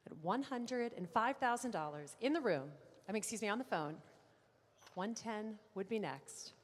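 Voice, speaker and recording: A woman auctioneer calling bids at a live car auction, brisk and playful with the bidders. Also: medium pitch, lively intonation. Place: large auction room. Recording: long hall reverb.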